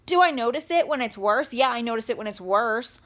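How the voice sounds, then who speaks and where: A woman's voice: fairly high pitch, animated, a bit bright. Upset young woman vlogging, near tears. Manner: halting, with many pauses and fillers. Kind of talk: emotional personal vlog.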